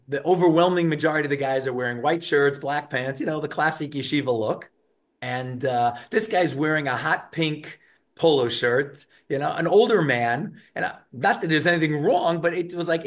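A man teaching a Torah class over a video call, telling stories in an animated way and acting out the shouting scenes in them. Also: on the high side. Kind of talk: online class lecture with storytelling.

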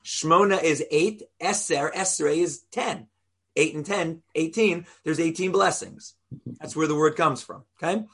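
A man's voice: fairly high pitch, a little slow, a bit bright, breathy edge. A rabbi teaching an informal Torah class, explaining step by step and quizzing his listeners in a conversational way.

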